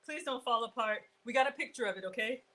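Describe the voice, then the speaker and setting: A woman hosting a live cooking stream, chatty and excitable, talking straight to her viewers. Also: a little high, fast, low-quality recording. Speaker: cooking show host.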